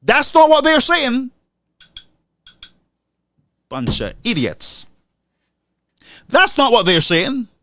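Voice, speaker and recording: A man delivers heated political commentary, angry and full of rhetorical questions. His voice sits high and swoops widely as he rants. The sound is dry and close, with almost no room echo. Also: huge pitch swings, extremely slow, long pauses, sharp tone.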